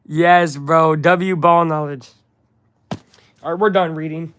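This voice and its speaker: Slangy young man, smooth voice. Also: fairly high pitch, fairly even intonation, slow, fairly bright tone, dry recording, clean studio sound. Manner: joking, slangy banter. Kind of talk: casual chat with viewers.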